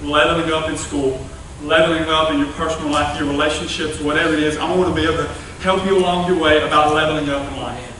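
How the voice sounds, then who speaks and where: High-voiced man preaching in an echoey church. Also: fast, few pauses, slight background noise. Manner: animated, folksy storytelling with playful asides. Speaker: youth revival speaker. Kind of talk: youth sermon. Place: church sanctuary. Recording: distant echoey church recording.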